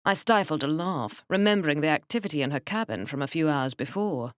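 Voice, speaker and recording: A woman narrating a mystery audiobook in a measured, wry manner. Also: deep voice, expressive, dry recording, clean studio sound. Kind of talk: scripted narration.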